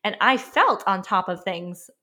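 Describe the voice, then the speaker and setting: A woman's voice: medium pitch, expressive, unhurried, pushed and bright. A woman in her thirties hosting a solo podcast, talking casually and emotionally with many fillers and frequent laughs. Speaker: podcast host.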